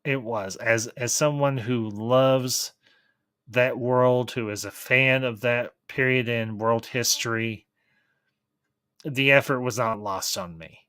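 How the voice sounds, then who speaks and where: A man giving a casual, enthusiastic review of a TV series, pausing and restarting as he thinks aloud. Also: mid-range voice, a bit bright, smooth, no room sound. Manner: thoughtful, enthusiastic, with frequent restarts. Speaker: film reviewer.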